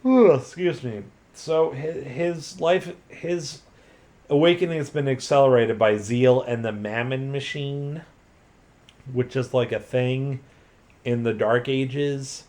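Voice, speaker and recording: A man's voice: mid-range voice, takes it slowly, darkish tone. A drunk man with an ordinary mid-range voice rambles through a retelling, tripping over restarts and stuffing his sentences with "like". He swears casually and keeps the whole thing loose and offhand. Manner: loose, profane, full of "like" and restarts. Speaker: host retelling a video game plot.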